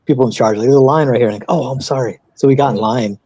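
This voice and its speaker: A man chatting casually on an art livestream, telling rambling anecdotes in an animated way. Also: medium pitch, racing. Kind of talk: casual chat.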